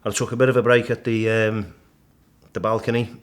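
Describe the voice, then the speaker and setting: A middle-aged man, a guest in a casual interview, vividly retelling his climb and acting out the shouts and thoughts along the way. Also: lowish voice, a little fast. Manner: animated storyteller, acts out his own shouts and thoughts. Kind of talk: storytelling in casual conversation.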